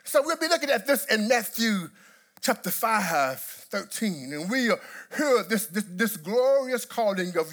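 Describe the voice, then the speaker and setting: Impassioned preacher man, lively swooping delivery. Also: sits high, measured pace. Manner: impassioned preaching with repetitions and sudden emphatic bursts. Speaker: pastor. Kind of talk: sermon.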